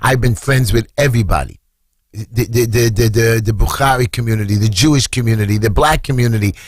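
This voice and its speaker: A middle-aged Brooklyn man running for city council tells an emotional story on the radio, speaking fairly quickly with big dramatic swings. His voice jumps high as he acts out screams. The recording is clean studio audio with no room sound.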